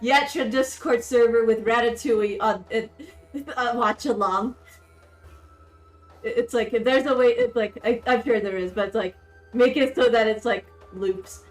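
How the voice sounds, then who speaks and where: A woman's voice: a little high, steady tone, normal speed. Giggly woman streamer in an echoey room. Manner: giggly, hyped, restarts sentences often. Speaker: streamer host. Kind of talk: casual chat on an art stream. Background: faint background music.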